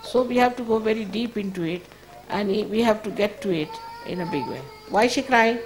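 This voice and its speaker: A woman's voice: mid-range voice, a little fast, faint music behind. A woman giving an informal spiritual talk as a teacher, conversational and firm, chiding at times and often laughing.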